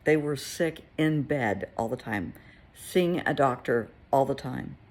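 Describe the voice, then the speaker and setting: A woman therapist telling a client story in a casual, conversational way, with gentle emphasis. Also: a bass voice, a little slow.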